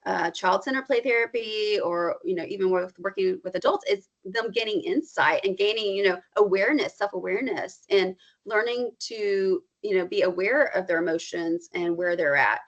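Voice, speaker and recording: A woman counselor chatting on a podcast in a mid-range voice. She explains things in a relaxed, conversational way and jumps high in pitch when she acts out what children and spouses say. The sound is a little dull and lo-fi. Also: moderate pace, few pauses. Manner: animated, acts out quoted feelings with big pitch jumps. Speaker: counselor guest.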